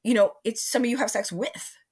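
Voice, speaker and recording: Animated woman acting out quotes. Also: a little high, fast, husky. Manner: expressive, acts out quoted voices. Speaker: sex educator and relationship coach. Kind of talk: animated interview talk.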